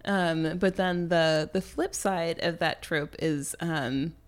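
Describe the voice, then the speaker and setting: A woman co-hosting a podcast in a casual book discussion, animated, laughing often and acting out quoted lines. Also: fairly low pitch, takes it slowly. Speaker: podcast co-host.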